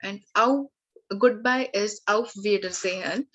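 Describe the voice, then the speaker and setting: A woman language tutor giving a lesson, slowly working through word lists with frequent fillers and restarts. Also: mid-range voice, sharp tone, lo-fi sound.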